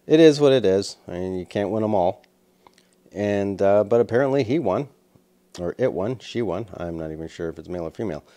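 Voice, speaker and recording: A man with a low, mellow voice talks through his wildlife shots in an unhurried, casual way. He rambles a bit, with lots of "you know" and "uh" between thoughts. The tone is relaxed and conversational, like a photographer explaining his settings. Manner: easygoing, rambling with fillers. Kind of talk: casual commentary over photos.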